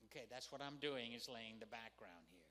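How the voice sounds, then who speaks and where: A man's voice: medium pitch, expressive, fairly quick, fairly bright tone. Older man teaching in a hall. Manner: chatty, laughs often, asks "hmm?" to the room. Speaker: teacher of Aramaic scripture. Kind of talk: casual lecture to a live group. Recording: long reverb in a hall.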